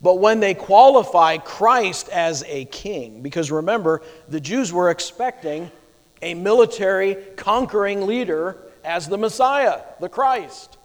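A male preacher delivering a sermon, teaching emphatically and asking rhetorical questions. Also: sits high. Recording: long hall reverb.

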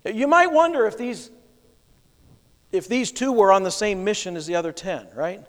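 A man with a high voice preaching in a church sanctuary. His delivery is emphatic, with soft low stretches that build to loud bursts. His voice rings with the long reverb of a big hall. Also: normal speed. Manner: emphatic preaching with wide swings in loudness. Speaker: pastor. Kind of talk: sermon.

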